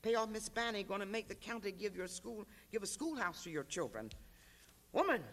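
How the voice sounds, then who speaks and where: A worn, defiant pregnant rural wife pleads and prays in bursts , as the reader puts her on. The voice sits high. This is a live reading of a novel. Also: expressive, a little fast, fairly bright tone, long reverb tail.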